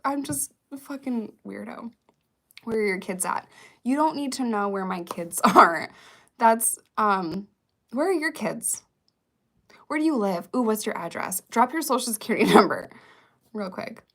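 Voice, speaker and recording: A woman's voice: on the high side, expressive, a little slow, fairly bright tone. A woman in her thirties on a casual livestream, reading viewer comments aloud and talking candidly with frequent swearing.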